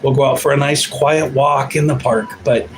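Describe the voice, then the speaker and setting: Loud, profane man in his fifties. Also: medium pitch, fairly even intonation, normal speed, slight background noise, poor audio. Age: 50s. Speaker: livestream commentator. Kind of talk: unscripted ranting livestream.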